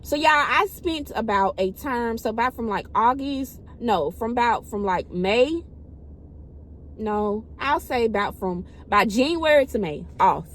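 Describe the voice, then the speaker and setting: A woman in her twenties telling a personal story in a casual vlog, chatty and animated, talking straight to her viewers. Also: a little high, measured pace, a little hiss or hum, low-quality recording. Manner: chatty, animated, keeps addressing viewers directly. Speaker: vlogger.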